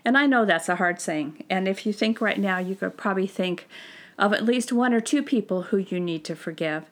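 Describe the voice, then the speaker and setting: A woman's voice: medium pitch, moderate pace. A woman teaching a recorded Bible study lesson, talking through the passage conversationally with frequent fillers and restarts.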